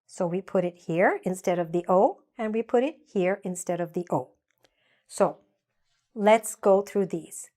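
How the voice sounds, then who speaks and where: A woman teaching English grammar in a patient way, saying example sentences slowly so learners can repeat them. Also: mid-range voice, mellow. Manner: slow, patient, spells out examples slowly for repetition. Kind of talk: grammar lesson with repeat-after-me drills.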